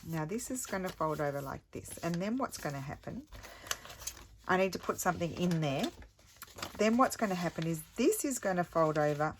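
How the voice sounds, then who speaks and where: A middle-aged woman with a low voice talks through a craft project at home. She thinks out loud in a casual, self-mocking way. The room has a faint hiss behind her. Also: animated, normal speed. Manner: chatty, thinks aloud, self-deprecating. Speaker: craft vlogger. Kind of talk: casual crafting tutorial chat.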